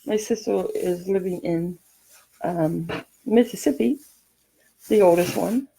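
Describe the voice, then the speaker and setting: A woman's voice: lowish voice, takes it slowly, vocal fry, slight background noise, poor audio. Chatty, laughing California woman host. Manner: rambling, laughs often, animated storytelling. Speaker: craft tutorial host. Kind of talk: chatty crafting tutorial with stories.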